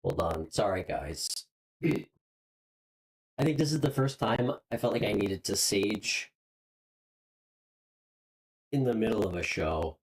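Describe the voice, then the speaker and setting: Lively, emotional woman reading tarot. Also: rumbling low, slow pace, long pauses, rough recording. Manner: emotional, openly moved, hesitant with many fillers; speaks warmly and directly to viewers. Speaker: tarot reader. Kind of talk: live-streamed tarot reading.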